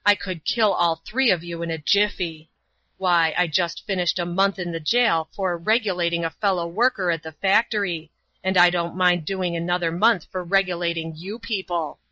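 A woman voicing a drunken, threatening brute of a man who talks loudly and slowly. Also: fairly low pitch, fairly even intonation, dry recording, dull audio. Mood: gruff. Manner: loud, slow and bullying.

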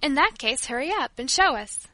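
Frail invalid girl, gentle, lightly teasing, read by a woman, bright tone. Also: high-pitched, expressive, normal speed, no echo.

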